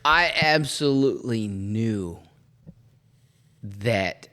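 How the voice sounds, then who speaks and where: A man's voice: on the low side, lively intonation, very slow, sharp tone. A man from Colorado co-hosting a casual podcast, laid-back and agreeable. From Colorado, USA. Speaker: podcast co-host. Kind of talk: casual chat.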